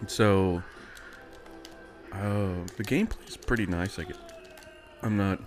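A man with a fairly low voice hosts a casual chat podcast. He rambles, trips over his own sentences and laughs a lot as he goes. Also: takes it slowly, faint music behind. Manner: rambling, self-interrupting, laughs often. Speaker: podcast host.

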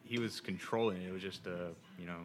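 A man's voice: low-pitched, fairly even intonation, fast. A man in his thirties co-hosting a casual chat, sarcastic and rambling, with frequent swearing. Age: 30s. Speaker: podcast co-host.

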